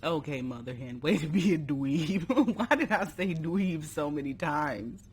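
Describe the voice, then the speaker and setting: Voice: medium pitch, animated, a little slow, slight background noise. A YouTuber casually reading their own old story aloud and mocking it, laughing often and breaking off mid-line. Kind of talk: casual commentary on a story game.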